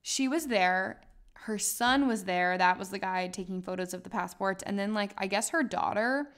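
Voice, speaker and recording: A woman's voice: medium pitch, moderate pace, a bit bright. A young woman hosting a podcast, telling a travel story casually, with dramatic retelling and lots of fillers. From United States. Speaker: podcast host.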